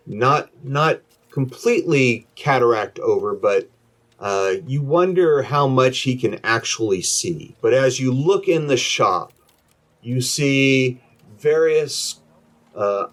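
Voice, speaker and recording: A man narrating a tabletop game as game master, in a slow, measured way with pauses. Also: medium pitch.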